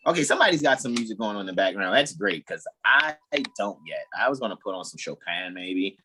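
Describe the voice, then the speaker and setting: A man's voice: on the low side, expressive, fairly quick, pushed and bright, slight background noise. A man hosting a casual group video call, joking around, laughing often and drifting into rambling asides. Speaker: host.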